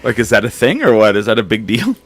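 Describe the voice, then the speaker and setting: A man with a very low, deep voice hosts a loose, giggly podcast chat. He rambles through stories, laughs easily and breaks off to read comments from the audience chat. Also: big pitch swings, quick pace, fairly bright tone. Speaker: podcast host. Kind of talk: casual chat.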